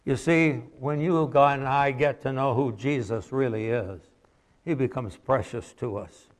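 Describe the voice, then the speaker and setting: A man's voice: medium pitch, unhurried. Folksy man preaching a sermon. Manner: folksy, conversational preaching with anecdotes. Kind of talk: sermon with storytelling.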